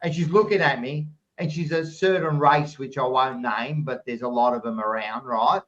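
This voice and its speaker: A man's voice: mid-range voice, normal speed, a bit bright. An Australian man co-hosting a podcast, ranting heatedly with heavy swearing in casual panel chat. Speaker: podcast co-host. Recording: dull lo-fi recording.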